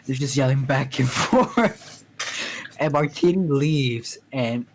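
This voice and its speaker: A man's voice: mid-range voice, slow pace, noisy background. A man casually telling a story in a voice chat, often laughing as he goes. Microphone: computer mic in a voice chat.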